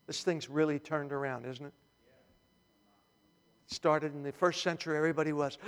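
A man's voice: on the high side, fairly even intonation, moderate pace, pauses often, smooth. A male pastor preaching a sermon, telling the story with animation and humor, in a church hall. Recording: long hall reverb.

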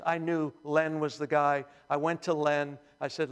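Animated male pastor preaching in a reverberant hall. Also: a little high, moderate pace, hardly any pauses, clean tone. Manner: animated storytelling with humor. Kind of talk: sermon.

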